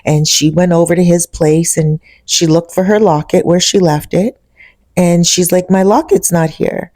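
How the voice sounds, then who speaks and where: A woman's voice: fairly low pitch, fairly even intonation, normal speed, darkish tone, dry recording. A woman telling a story in a chatty way, speaking directly to her listeners. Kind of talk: casual storytime vlog.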